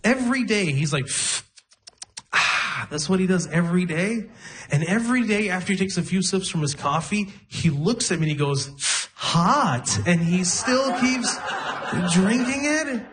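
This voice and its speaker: At a live comedy show with audible audience noise, a man in his twenties tells stories in a chatty way and impersonates the people he mentions. His voice is high and expressive, at a normal speed.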